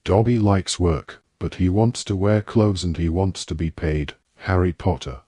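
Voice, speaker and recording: An eager, servile little male house elf who squeaks and peppers every sentence with sir, as a man reads him aloud. The voice sits low and husky. The sound is close and dry. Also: steady tone, unhurried, mellow, no echo. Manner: squeaky, polite, says sir constantly.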